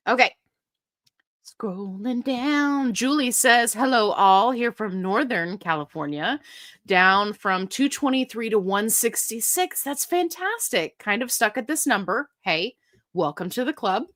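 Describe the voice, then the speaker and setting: A woman's voice: a little high, moderate pace. A middle-aged woman hosting a live stream, chatting casually as she reads viewer comments aloud and answers questions. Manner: chatty and animated, reads comments aloud, breaks into silly sung bits.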